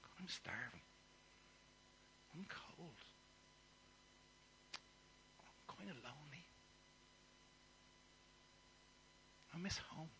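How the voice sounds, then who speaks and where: A man voicing a hushed, ashamed prodigal son. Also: fairly high pitch, moderate pace, a little hiss or hum, rough recording. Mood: forlorn. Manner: hushed, muttering to himself.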